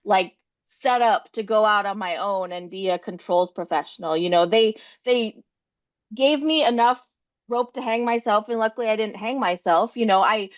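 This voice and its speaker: A woman's voice: medium pitch, normal speed, dry recording, dull audio. A middle-aged woman talking candidly as a guest, chatty and full of fillers. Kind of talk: casual chat.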